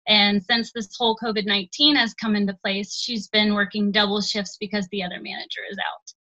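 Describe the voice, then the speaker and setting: A woman teacher speaks in an earnest, heartfelt way, pausing often on "um." Her voice is bright and sharp. The recording is dull and lo-fi. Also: medium pitch, level tone. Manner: earnest and emotional, with many "um" fillers. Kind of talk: interview guest telling a story. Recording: dull lo-fi sound.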